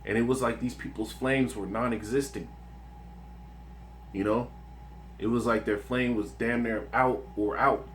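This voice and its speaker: A man with an ordinary mid-range voice shares a dream and reads scripture in a relaxed, earnest way. He often circles back over his words and calls the listener "man". A faint hum sits behind him. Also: medium pitch, a little slow, pauses often. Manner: earnest and conversational, with many restarts and "man". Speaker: religious video speaker. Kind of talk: informal religious testimony and scripture reading.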